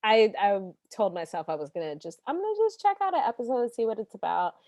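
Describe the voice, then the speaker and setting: A woman's voice: mid-range voice, huge pitch swings, fast talker, darkish tone, no room sound. A woman on a panel chatting enthusiastically, laughing often and mimicking characters. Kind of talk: casual video-call discussion.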